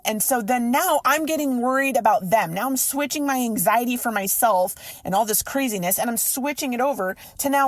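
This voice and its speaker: A woman's voice: on the high side, moderate pace, no echo. Chatty woman podcaster telling a story. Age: adult. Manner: animated, emotional retelling with many "like"s. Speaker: podcast host and mindset coach. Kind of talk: casual storytelling.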